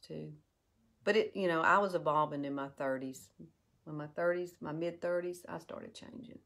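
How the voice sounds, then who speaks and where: A woman's voice: on the low side, creaky. A woman in her fifties, a beauty vlogger talking earnestly and casually while doing her makeup on camera. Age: 50s. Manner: earnest, chatty and confessional.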